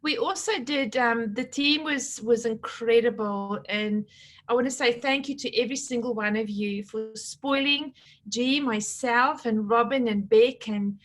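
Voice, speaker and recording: A chatty middle-aged woman speaks with a slightly higher voice. She gushes over her team and recounts stories in a loose, personal way. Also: measured pace. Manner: warm, gushing, chatty, retells conversations. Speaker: team leader presenting awards. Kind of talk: casual talk to her team, recapping an awards event.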